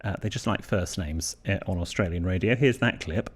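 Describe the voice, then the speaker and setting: A man's voice: deep voice, a little fast. A man hosting a podcast, wry and chatty as he introduces clips. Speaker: podcast co-host. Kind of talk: casual chat.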